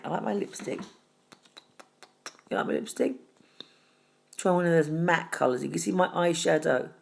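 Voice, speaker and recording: A middle-aged woman hosting a deadpan comic tutorial, chatty and fussy, calling viewers darling. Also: on the low side, gravelly. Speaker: host.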